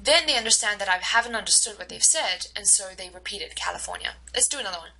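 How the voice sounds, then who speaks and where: A woman with a bright, slightly husky voice teaches a recorded lecture. She explains step by step, pauses on fillers, and acts out short example exchanges to make each point. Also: medium pitch, animated, rough recording. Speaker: instructor.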